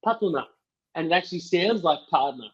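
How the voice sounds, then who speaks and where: A man talks as a podcast guest, telling a business story in upbeat, casual speech full of fillers. His voice is fairly high for a man. The recording sounds dull and lo-fi. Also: normal speed. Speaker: podcast guest, company partnerships lead. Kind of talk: casual interview chat.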